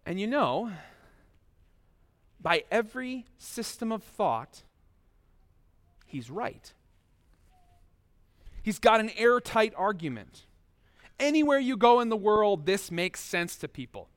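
A man's voice: high-pitched, sing-song, takes it slowly, pauses often. A pastor preaching a sermon in a conversational way, speaking straight to his listeners and asking them rhetorical questions.

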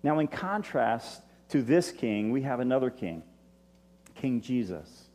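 A man giving a sermon as a pastor, in a relaxed, conversational way with asides to his listeners. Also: medium pitch, measured pace. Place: church stage. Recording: long reverb of a large hall.

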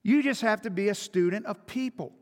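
Male preacher, high voice, emphatic sermon delivery, rhetorical questions, long hall reverb. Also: a little fast.

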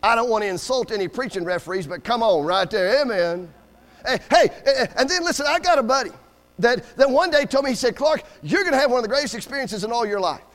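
A man's voice: very high-pitched, lively intonation, quick pace, a bit bright, long reverb tail. A man preaching a sermon as a guest speaker, telling joking stories and calling for amens. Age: adult with school-age kids. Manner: folksy, joking storyteller with call-and-response amens. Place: church sanctuary.

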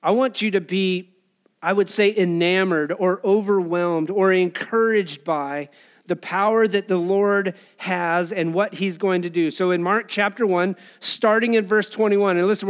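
A man preaching a sermon in a lively, casual way, acting out quoted voices with colloquial asides. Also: sits high, clean tone. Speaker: pastor.

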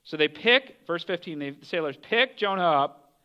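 A man's voice: on the high side, expressive, normal speed, highs cut off. A man preaching a conversational sermon, often asking the listeners questions. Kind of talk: casual sermon.

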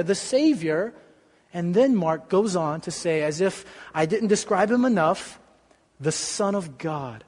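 A man preaching a sermon in a lively, conversational way, with joking asides. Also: high-pitched, in a large hall. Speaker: pastor.

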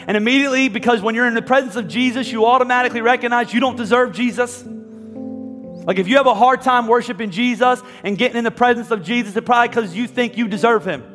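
High-voiced preaching pastor in a reverberant hall. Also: male voice, fairly bright tone. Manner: passionate preaching, acting out voices of listeners and Bible figures. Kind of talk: sermon. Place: church hall. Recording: long reverb with faint music behind. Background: faint instrumental music.

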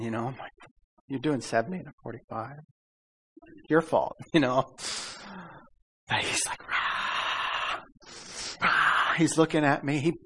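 A man's voice: on the high side, fairly bright tone, slight background noise. A man preaching a casual sermon, calling out for amens and audience repeats, laughing as he tells stories. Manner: laughs often while telling stories. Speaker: pastor. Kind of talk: conversational sermon.

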